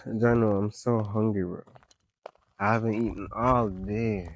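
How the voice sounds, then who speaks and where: A man's voice: lowish voice, fairly even intonation, slow. An actor playing a hungry, weary young man in a radio ad, sighing and complaining.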